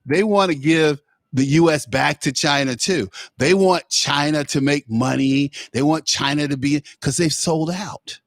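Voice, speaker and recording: Slow-talking, mocking male talk host. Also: mid-range voice, no room sound, clean studio sound. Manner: laughs often, mocking asides. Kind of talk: casual political talk.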